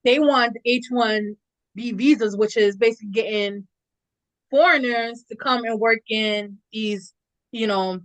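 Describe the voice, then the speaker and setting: A woman's voice: a little high, unhurried, poor audio. A woman hosting a podcast, giving blunt, outspoken takes in casual chat. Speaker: podcast host.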